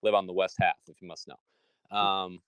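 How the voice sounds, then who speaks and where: A man's voice: low voice, fairly even intonation, moderate pace, fairly bright tone, clear, resonant tone, no room sound, poor audio. A young man from Michigan with a Michigan accent, co-hosting a casual podcast chat and telling rambling, profanity-laced stories. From Michigan, USA. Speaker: podcast co-host.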